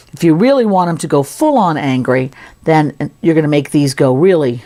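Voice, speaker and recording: A woman's voice: low-pitched, fairly quick, dark tone. A woman giving a casual, playful sculpting tutorial, chatting as she works. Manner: chatty, playful, talks while working. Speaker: sculpting instructor.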